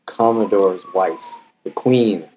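A man's voice: low-pitched, takes it slowly, a little mellow, a little hiss or hum, poor audio. A man co-hosting a casual podcast, making dry, offhand wisecracks. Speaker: podcast co-host. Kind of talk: casual chat over beers.

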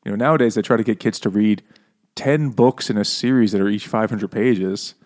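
A man's voice: on the low side, a little fast, darkish tone. A man co-hosting a comedy podcast, riffing crudely about old children's books and acting out quotes in silly voices. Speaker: podcast co-host. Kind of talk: casual comedic book discussion.

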